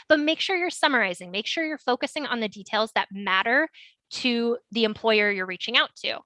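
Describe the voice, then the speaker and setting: A woman's voice: mid-range voice, sharp tone, dry recording, rough recording. A woman career coach giving an instructional webinar talk, earnest and emphatic with frequent ums.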